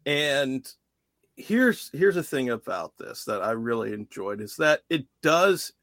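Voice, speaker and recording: A man's voice: mid-range voice, sing-song, takes it slowly, fairly bright tone, no echo. A man hosting a podcast interview, enthusiastic and joking with his guest. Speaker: podcast host.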